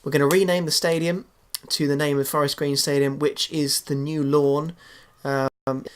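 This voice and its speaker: A man's voice: on the high side, little pitch movement, moderate pace, clean tone. A young man giving casual, hesitant commentary on his football game, full of fillers and restarts. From England. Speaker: gaming YouTuber.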